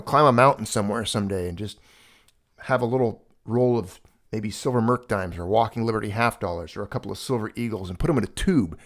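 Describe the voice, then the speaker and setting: A man hosting a casual livestream, talking in a rambling, earnest way and getting choked up at times. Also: mid-range voice. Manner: rambling, earnest, emotional when speaking of a lost pet. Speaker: livestream host.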